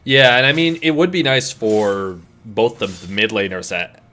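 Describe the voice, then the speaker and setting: A man's voice: fairly low pitch, moderate pace, sharp tone. A man doing play-by-play esports commentary with jokey, playful banter. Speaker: esports caster.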